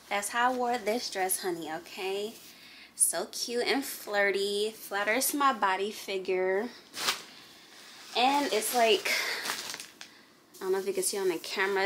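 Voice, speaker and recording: A woman's voice: medium pitch, background noise. Chatty woman vlogging at her makeup table. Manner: chatty, animated, addresses viewers as y'all and honey. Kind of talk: casual vlog chat.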